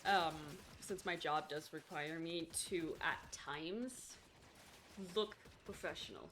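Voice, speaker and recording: A woman's voice: deep voice, slow pace, fairly bright tone, slight background noise. Chatty young woman streamer rambling. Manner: rambling, chatty, many fillers. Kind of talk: casual chat while gaming.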